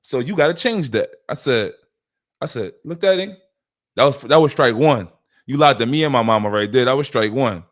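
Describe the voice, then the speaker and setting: Man telling a lively story. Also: medium pitch, moderate pace. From West Philadelphia. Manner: acts out quoted dialogue with shifting voices. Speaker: podcast host. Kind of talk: animated storytelling.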